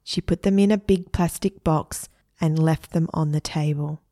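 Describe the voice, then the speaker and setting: A woman narrating a children's story expressively, dropping to hushed asides. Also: low-pitched, fairly even intonation, moderate pace, dry recording, clean studio sound.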